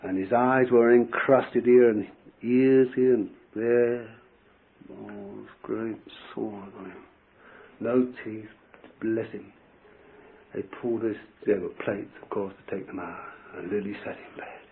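A man preaching a sermon, telling a story with animated fervor and bursts of shouting. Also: lowish voice, unhurried, creaky, slight background noise. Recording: tinny phone-like old tape.

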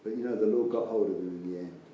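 Older preacher in an echoey church. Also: male voice, deep voice, fast, lo-fi sound, slight background noise. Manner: earnest, rambling, with many restarts and asides. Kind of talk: sermon. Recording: echoey room with faint ambience.

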